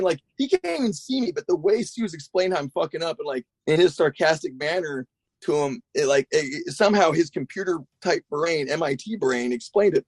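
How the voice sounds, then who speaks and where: A man, a guest skateboarder, telling a long story in a rambling, profane, animated way. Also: a little high, fast talker, husky, no echo. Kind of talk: casual storytelling.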